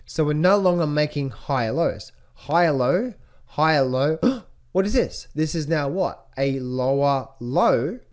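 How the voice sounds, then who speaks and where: Guy explaining stock charts on a screen share, kinda higher voice, keeps asking "right?" and repeating himself. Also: unhurried. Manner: repetitive, rhetorical questions, animated pointing out. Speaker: trading educator.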